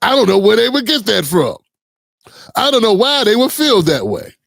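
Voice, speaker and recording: A man's voice: sits high, big pitch swings, moderate pace, creaky, a bit bright, no echo, clean studio sound. A man hosting a reaction commentary show, blunt and sarcastic, talking straight to his viewers. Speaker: commentary host.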